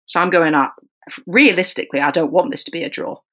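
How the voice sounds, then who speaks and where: Woman referee; animated podcast storyteller who acts out the voices in her tale, slightly low voice. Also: fast talker. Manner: animated storyteller acting out dialogue. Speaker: rugby referee. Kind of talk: podcast anecdote.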